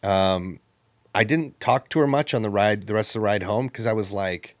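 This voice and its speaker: A man telling a personal story on a podcast, animated and acting out the people he quotes. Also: fairly low pitch, moderate pace, no echo.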